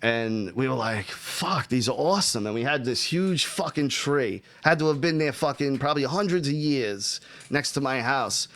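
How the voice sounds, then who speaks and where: A man's voice: mid-range voice, moderate pace, few pauses, no echo. A man casually telling profane stories from his childhood on a podcast. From Texas. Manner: profane, animated storytelling. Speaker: podcast host. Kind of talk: casual storytelling chat.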